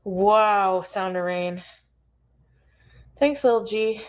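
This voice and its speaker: A woman's voice: medium pitch, very slow. Complaining woman in her forties. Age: 40s. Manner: complaining, rambling. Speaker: streamer in a reacted clip. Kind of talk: casual livestream chat.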